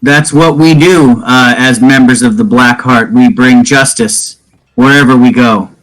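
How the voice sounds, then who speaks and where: A man playing a tabletop role-playing game, speaking in character with hesitant pauses and filler words. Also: medium pitch, steady tone, fairly bright tone, rough recording. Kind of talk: in-character role-play mixed with table talk.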